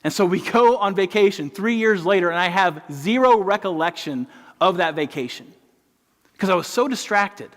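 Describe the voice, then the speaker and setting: A middle-aged man preaching an animated sermon, with a high voice for a man. His words ring out with long reverb from a large church hall. He tells stories with lively rises and quiet drops. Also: moderate pace. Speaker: pastor.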